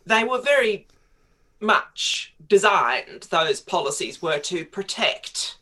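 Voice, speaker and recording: A woman in her fifties speaks as a guest on a radio talk programme, her voice sitting a little low. She talks in a chatty, digressive way, wandering through anecdotes and laughing often. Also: sing-song, takes it slowly, sharp tone. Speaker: guest writer.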